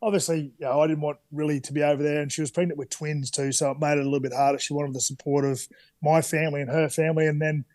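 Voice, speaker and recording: A podcast guest in his thirties with an Australian accent tells candid stories in a relaxed, casual interview, full of fillers and restarts. His voice is on the high side, he talks quickly, and there is no echo.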